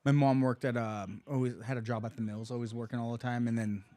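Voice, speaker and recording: A man's voice: mid-range voice, little pitch movement, fast, mellow, dry recording. Young man, fighter, casual podcast chat, swears a lot, rambling stories, dry close sound. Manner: profane, rambling storyteller. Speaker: fighter guest.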